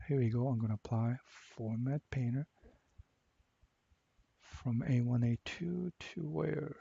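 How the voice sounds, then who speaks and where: A man walking through a software assignment step by step, repeating each instruction slowly. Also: medium pitch, gravelly, breathy edge, no echo, dull audio. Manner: slow, step-by-step, repeats cell names. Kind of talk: screen-recorded software tutorial.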